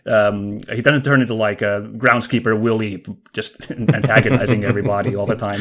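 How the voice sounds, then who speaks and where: A man co-hosting a casual podcast, chatting enthusiastically and thinking aloud as he talks. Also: medium pitch. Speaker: podcast co-host. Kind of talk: casual podcast chat about video games.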